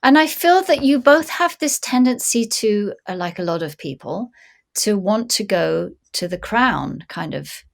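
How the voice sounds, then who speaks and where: A woman's voice: medium pitch, expressive, a little slow, vocal fry. A woman giving blunt, instructive acting coaching over a video call, in a casual talk.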